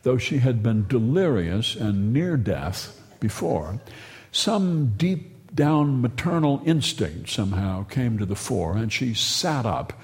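A man's voice: medium pitch, a little mellow. Man telling a wry, rambling story. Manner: wry, meandering, stumbles and repeats words. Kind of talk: humorous storytelling monologue. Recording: long hall reverb.

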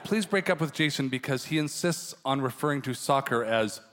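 A man hosting a live improv game show, brisk, dry and teasing. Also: medium pitch, animated, fairly bright tone. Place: theater stage before an audience. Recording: live stage with long reverb, crowd and noise.

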